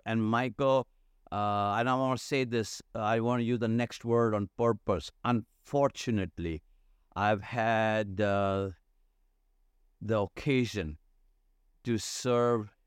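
A man's voice: lowish voice, no room sound, studio quality. A middle-aged man, a church leadership consultant, talking earnestly in a podcast interview and repeating phrases for emphasis.

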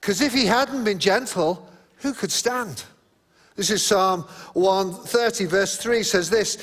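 A middle-aged man preaching a sermon in a relaxed, conversational way, often reading scripture aloud. His voice sits fairly high for a man, and it carries a long reverb from a large hall. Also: takes it slowly. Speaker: pastor.

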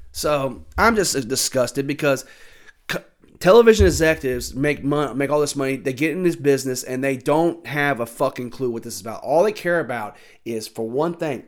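A man in his thirties ranting alone about college sports, swearing often, irritated and heated, with sudden loud outbursts. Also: mid-range voice, expressive, brisk. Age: 30s. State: annoyed. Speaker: sports talk host. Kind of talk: solo sports rant.

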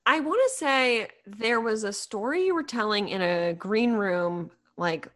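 A woman hosting a podcast, reacting often with quick short replies and asking follow-up questions. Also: fairly high pitch, animated, fairly bright tone. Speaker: podcast host. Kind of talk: casual interview chat.

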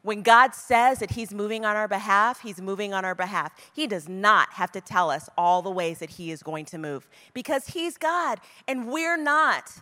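A woman's voice: mid-range voice, moderate pace, few pauses, sharp tone. A woman preaching a sermon to a women's gathering, passionate and conversational, leaning hard on key words. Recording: long reverb of a large hall.

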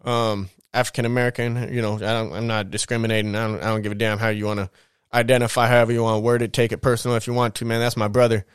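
A man's voice: lowish voice, flat delivery, fast, smooth, dry recording, clean studio sound. A man telling his own life story on a podcast in a loose, rambling way, heavy with slang and fillers. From Southern California. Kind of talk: casual storytelling.

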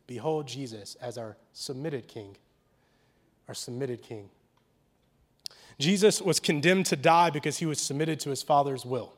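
A man, a pastor, preaching a sermon in a casual, conversational way with slang, swinging from quiet and intimate to loud and animated. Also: mid-range voice, moderate pace.

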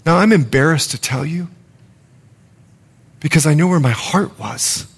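A male pastor preaching a sermon, swinging from loud urgency to hushed confession. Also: a little high, lively intonation, measured pace, creaky, slightly rough.

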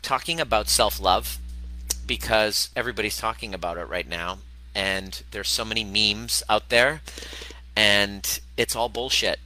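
Bright-voiced man speaking candidly. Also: on the low side, a little slow, poor audio. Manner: candid, swears casually, many restarts. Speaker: podcast host, relationship coach. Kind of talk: casual spoken monologue.

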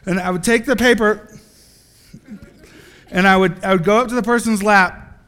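A man with a high, bright voice preaching to a crowd. He jokes and acts out small scenes as he talks. His voice rings with the long echo of a large hall. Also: normal speed, clean tone. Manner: animated, joking, acts out little scenes. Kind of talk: sermon.

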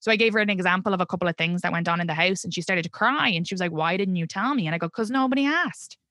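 A woman's voice: fairly low pitch, racing, no room sound, studio quality. A woman in her thirties with an Irish accent, a comedian telling personal stories in an interview, blunt and profane. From Ireland. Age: 30s. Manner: blunt and profane, animated storytelling. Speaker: comedian guest. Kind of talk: candid interview conversation.

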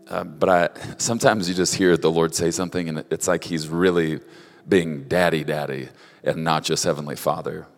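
A man giving prophetic words to people one at a time, speaking directly to each in a halting way, often repeating words. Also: rumbling low. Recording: long reverb of a large hall.

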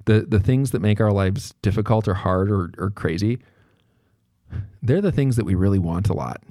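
A man's voice: fairly low pitch, moderate pace, mellow, no echo, studio quality. A man in his thirties, hosting a solo podcast, talking in a rambling, candid way and often restarting his sentences. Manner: rambling, self-correcting and candid. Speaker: podcast host.

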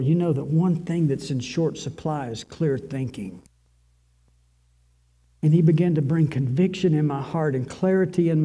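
A man in his sixties, a pastor giving an emotional sermon testimony, repeating phrases and swinging from loud cries to a hushed near-whisper. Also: a little high.

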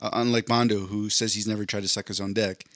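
A man's voice: on the low side, flat delivery, fast, fairly bright tone, no echo, studio quality. A man co-hosting a casual podcast, telling rambling, self-deprecating stories. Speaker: podcast co-host. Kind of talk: casual chat.

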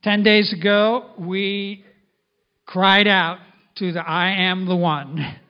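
A middle-aged male pastor preaching a sermon in an animated way, at times speaking in the first person as Jesus. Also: sits high, slow pace. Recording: dull lo-fi sound.

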